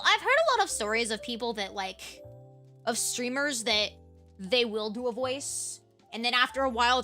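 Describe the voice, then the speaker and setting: A woman streamer chatting casually with viewers, projecting from her diaphragm with lively inflection despite a sore throat. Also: fairly high pitch.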